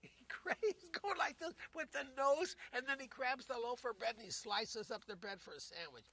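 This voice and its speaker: A man in his eighties telling a funny anecdote in a casual way, animated and laughing as he goes. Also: very high voice, normal speed. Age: 80s. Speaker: comedian and entertainer.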